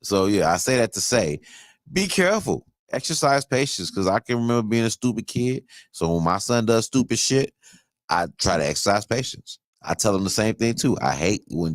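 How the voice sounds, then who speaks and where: A man in his thirties hosts a podcast, his lowish voice sing-song and at normal speed with no echo. In casual chat he tells a loose, profane story and laughs often.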